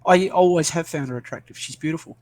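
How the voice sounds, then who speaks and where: A man's voice: fairly high pitch, fast talker, darkish tone, dry recording. An older Australian man chatting casually, rambling and self-deprecating with many restarts. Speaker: interviewee. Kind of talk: casual video call chat.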